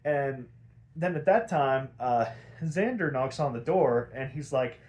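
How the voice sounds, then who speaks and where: A man's voice: medium pitch, a little slow. A young man casually recapping a cartoon episode, rambling and swearing, acting out the characters' lines as he goes. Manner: rambling, profane, animated retelling with acted quotes. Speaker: podcast host.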